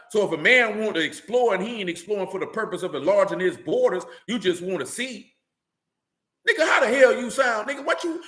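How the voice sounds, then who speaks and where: A man's voice: high voice, sharp tone, echoey room. A man preaching in a blunt, profane street-slang manner, often asking "you know what I'm saying.". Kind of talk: streamed sermon-style rant.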